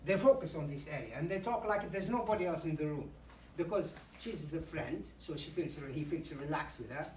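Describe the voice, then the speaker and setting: In a meeting room, a woman with a low, slightly mellow voice briskly teaches a public speaking workshop to a live group, demonstrating examples and saying "you know" a lot. The recording has a roomy echo from a distant mic, faint ambience, and a little hiss or hum.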